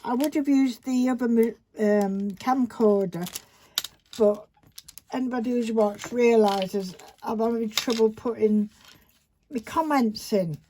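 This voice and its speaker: A woman's voice: a little high, unhurried, dark tone. A woman chatting casually while she demonstrates a paper craft project, rambling and talking to herself as she works, recorded on a phone camera. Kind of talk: casual craft tutorial chat. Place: indoors at a craft table. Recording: faint background noise with paper crinkling.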